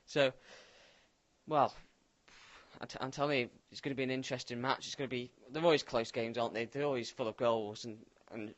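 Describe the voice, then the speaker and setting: A man's voice: medium pitch, brisk, lo-fi sound. A man co-hosting a casual football chat, offering opinions and often tagging his lines with questions. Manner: chatty, tag questions, relaxed opinions. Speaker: co-host.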